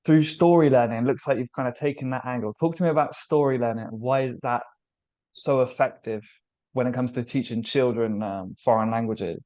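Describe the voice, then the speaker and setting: British male host, chatty and upbeat, mid-pitched, muffled lo-fi call sound. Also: brisk, darkish tone. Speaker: host, language teacher. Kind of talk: casual video interview. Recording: dull lo-fi call audio.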